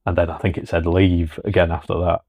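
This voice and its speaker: A man co-hosting a podcast, chatting casually and relaxed as he recalls an evening. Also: low voice, fairly quick, no room sound, dull audio. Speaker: podcast co-host. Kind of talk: casual chat.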